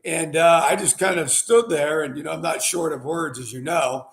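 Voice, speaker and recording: A man's voice: a little high, normal speed, gravelly, a bit bright. A middle-aged man hosting his own wine show, telling a rambling story in a chatty way before a casual tasting. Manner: rambling, chatty, full of fillers and asides. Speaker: winery owner and show host.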